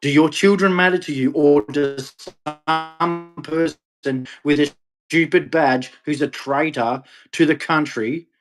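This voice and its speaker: A man delivering an impassioned, ranting monologue to camera, with sudden loud, emphatic rises. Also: fairly high pitch, fairly even intonation, measured pace, faint music behind. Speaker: vlogger.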